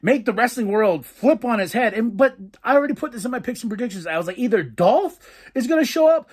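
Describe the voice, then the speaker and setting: Excitable, profane man reviewing wrestling. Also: extremely high pitch, fast, slightly rough. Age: adult with a daughter. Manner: excitable, profane, acts out his own reactions. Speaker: podcast host.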